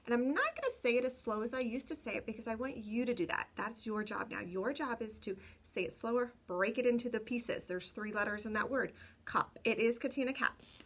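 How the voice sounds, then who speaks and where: A young woman teaching kindergarten children remotely, talking slowly and clearly, repeating words and cheering them on. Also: a little high, lively intonation, fairly bright tone. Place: home room with a window.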